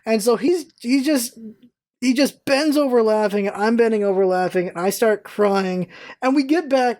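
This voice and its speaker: Woman vlogger, fairly high voice, casual storytelling, animated delivery with raised voices for quoted lines.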